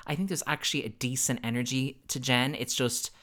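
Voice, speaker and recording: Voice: medium pitch, fairly even intonation, a little fast, a bit bright. A young adult podcast host chatting expressively, swearing freely and mimicking people in big swooping voices. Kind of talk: casual chat.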